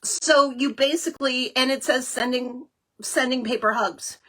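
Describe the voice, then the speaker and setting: Bubbly, high-voiced woman. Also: unhurried. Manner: chatty and excitable, with many fillers. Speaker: host of a live crafting show. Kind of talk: live-stream card-making demo.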